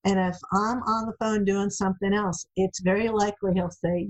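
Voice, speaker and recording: A middle-aged woman, a guest in an interview, telling lively stories and acting out quoted lines. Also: mid-range voice, moderate pace, slight background noise, poor audio. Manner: animated storyteller, acts out quotes. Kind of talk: casual interview chat.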